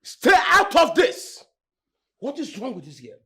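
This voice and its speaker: A man's voice: a little high, big pitch swings, moderate pace, reverberant, far from the mic. An indignant, defensive father. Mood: angry. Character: angry father scolding his daughter.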